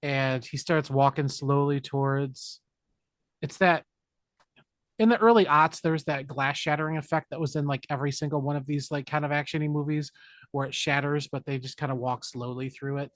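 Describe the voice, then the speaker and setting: A podcast co-host with a somewhat high male voice recaps a movie in casual, jokey fashion, acting out the characters' lines with animated put-on voices. He speaks at a moderate pace, and the studio-quality recording has no echo.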